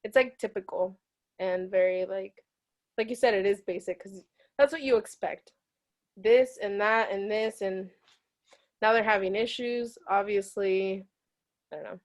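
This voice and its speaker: A woman in a casual book club discussion, animated, laughing often and acting out quotes. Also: medium pitch, a little slow, long pauses.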